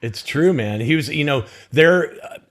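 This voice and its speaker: A man's voice: a little high, animated, unhurried. A man hosting a casual chat show, who interviews with admiring enthusiasm. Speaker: podcast host.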